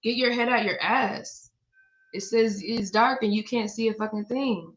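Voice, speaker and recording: A woman's voice: on the high side, unhurried, muffled recording. A woman giving a casual spiritual card reading in a blunt, profane way, laughing at herself. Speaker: tarot reader.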